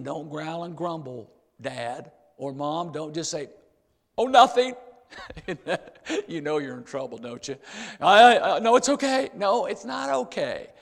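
A man's voice: fairly high pitch, vocal fry, long reverb tail. An older man preaching a sermon, emphatic, repeating key phrases and speaking straight to the congregation.

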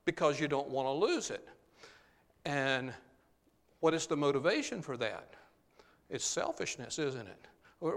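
A man's voice: fairly high pitch, fairly bright tone. Preaching man in a reverberant hall. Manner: earnest preaching with frequent "uh, there" tags. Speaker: pastor. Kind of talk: sermon.

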